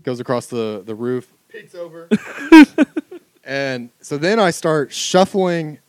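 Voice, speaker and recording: A man telling a funny story in a casual chat, animated and laughing often. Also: medium pitch, slow, no echo.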